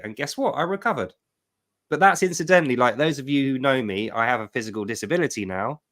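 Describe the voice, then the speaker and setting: A middle-aged man tells a personal story on his livestream, his medium-pitched voice rising and falling as he presses his points home. He talks in an emphatic, animated way, like a testimony. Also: quick pace. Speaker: livestream host.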